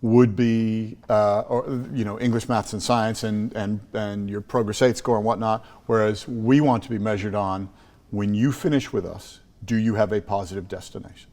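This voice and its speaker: A man's voice: fairly low pitch, fairly even intonation, normal speed, darkish tone, in a large hall. A man with an American accent, from Chicago, telling stories emphatically as a podcast guest, often restarting and repeating words. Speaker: guest, school trust leader. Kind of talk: podcast interview.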